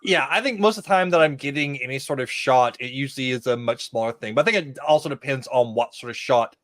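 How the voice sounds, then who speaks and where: A man guesting on a podcast, casually discussing a TV episode in a wry, relaxed way, sometimes mock-quoting characters. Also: medium pitch, fast talker, no echo. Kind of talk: casual chat recapping a TV episode.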